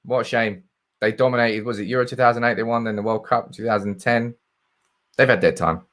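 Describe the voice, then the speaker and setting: A man's voice: mid-range voice, steady tone, fairly quick, fairly bright tone. Chatty male football streamer. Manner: chatty, reading viewer comments aloud. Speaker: football channel host. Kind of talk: live-stream chat.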